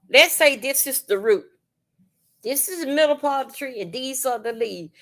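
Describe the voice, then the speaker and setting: A woman hosting a casual livestream, talking bluntly and profanely in an animated, storytelling way. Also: fairly high pitch. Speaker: livestream host. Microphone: phone or webcam on livestream.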